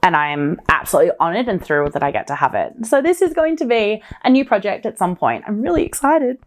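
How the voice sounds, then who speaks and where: A woman hosting a knitting podcast, talking in a casual, gushing, excitable show-and-tell style. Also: medium pitch, fast.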